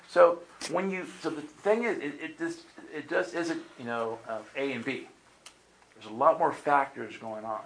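A man's voice: a little high, normal speed, a bit bright, slight background noise. A man preaching to a live audience, telling a story and acting out the voices of the people in it. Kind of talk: storytelling sermon. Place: meeting room with audience. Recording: roomy hall sound.

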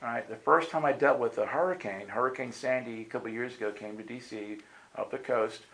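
A man's voice: mid-range voice, fairly quick, gravelly, a bit bright. A man preaching to a live audience, telling a story and acting out the voices of the people in it. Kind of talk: storytelling sermon. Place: meeting room with audience. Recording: roomy hall sound.

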